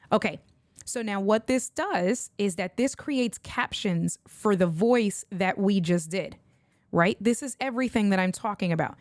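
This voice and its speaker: A woman's voice: mid-range voice, a little mellow, dry recording. A woman with a New York accent hosting a casual livestream, thinking aloud and muttering asides while she edits video. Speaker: livestream host. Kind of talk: casual screen-share tutorial.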